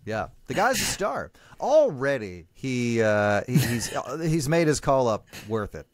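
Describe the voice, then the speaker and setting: A man's voice: medium pitch, very animated, a little slow, no echo. Man, podcast co-host; dry, wry delivery, close, dead-sounding mic. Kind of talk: casual sports podcast chat.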